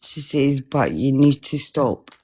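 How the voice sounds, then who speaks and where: A woman talking in a casual, rambling way about a spiritual encounter, emotional and quick to laugh. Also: extremely low pitch, big pitch swings, dark tone, breathy edge. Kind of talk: casual chat.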